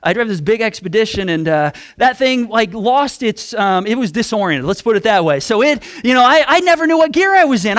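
High-voiced animated male pastor. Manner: animated, self-deprecating storyteller with frequent restarts. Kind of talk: sermon with storytelling.

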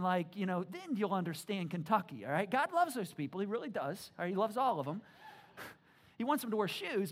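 A pastor preaching a sermon, animated and joking, often repeating words and restarting sentences, swinging between loud bursts and hushed, earnest stretches. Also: mid-range voice.

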